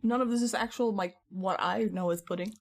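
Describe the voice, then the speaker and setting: A woman's voice: medium pitch, brisk. A woman streamer chatting casually with her viewers from home, rambling along and laughing often.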